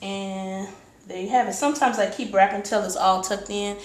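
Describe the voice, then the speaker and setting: A woman's voice: mid-range voice, fairly even intonation, moderate pace. Chatty woman stylist in a roomy salon. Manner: chatty, explains step by step. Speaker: hairstylist, host. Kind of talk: casual hair tutorial. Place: hair salon indoors. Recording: roomy room echo.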